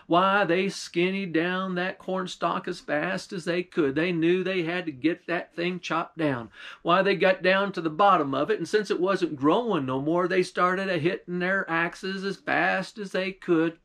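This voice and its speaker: A man's voice: sits high, steady tone, a little slow, a bit bright. A man, a pastor telling a folk tale in a folksy drawl. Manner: folksy drawl, often starting lines with "why".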